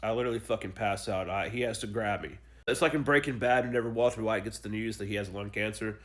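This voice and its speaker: A man's voice: lowish voice, fast talker. A young adult man casually telling his own story in a blunt, profane, emotional way, acting out the people he quotes.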